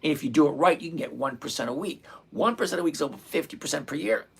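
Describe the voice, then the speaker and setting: A middle-aged man hosting a live trading stream, answering chat questions bluntly and repeating points slowly. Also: fairly high pitch, animated, creaky, fairly bright tone, breathy edge. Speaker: stock trading livestream host.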